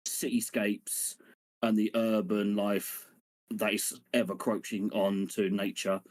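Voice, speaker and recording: A man playing a tabletop game, describing his character haltingly with lots of "sort of" and "um". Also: on the low side, level tone, a little mellow. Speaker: player.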